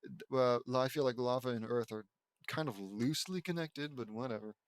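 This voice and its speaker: A man's voice: medium pitch, dry recording. A man reading a fan fiction aloud as a comedy, breaking off for exasperated, sarcastic remarks. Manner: exasperated, sarcastic asides and quick mock voices. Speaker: reader mocking a fan fiction.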